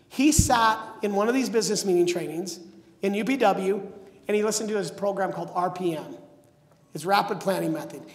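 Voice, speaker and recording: A middle-aged man telling stories as a motivational speaker at a live seminar, energetic and acting out the voices of the people he quotes. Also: high-pitched. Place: large seminar hall. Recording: echoey hall.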